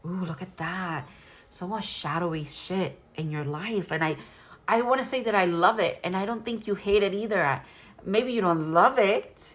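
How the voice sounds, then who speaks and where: A woman's voice: lowish voice, moderate pace. A woman in her thirties giving a casual, rambling tarot reading, enthusiastic and full of restarts. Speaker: tarot reader.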